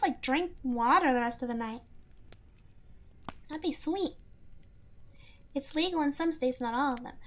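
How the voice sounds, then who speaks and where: A woman streamer chatting casually with her viewers, playful and quick to giggle. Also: high voice. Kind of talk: casual live-stream chat.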